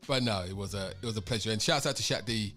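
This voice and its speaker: A low-pitched man hosts an easygoing radio chat show. He rambles along, stacking up fillers as he talks. Soft music sits faintly underneath. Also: quick pace. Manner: rambling, full of "you know" fillers. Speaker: radio network founder and host.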